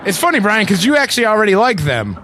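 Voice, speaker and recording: A man's voice: sits high, huge pitch swings, fast talker, noisy background. A man hosting an uncensored radio show, chatting in a profane, joking, rambling way. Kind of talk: uncensored casual radio chat.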